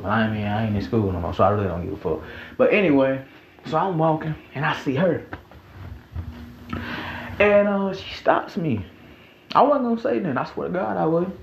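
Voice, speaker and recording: A young man from Mississippi with a Southern accent, telling a profane, animated story in a casual storytime vlog. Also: medium pitch. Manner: profane, animated, laughing, repeats himself. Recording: echoey room, dull audio, faint hiss.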